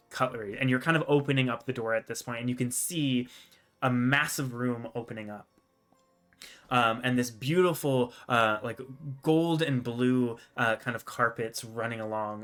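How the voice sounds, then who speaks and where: A man narrating a tabletop fantasy game as dungeon master, descriptive and measured, with frequent fillers. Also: mid-range voice, fairly bright tone.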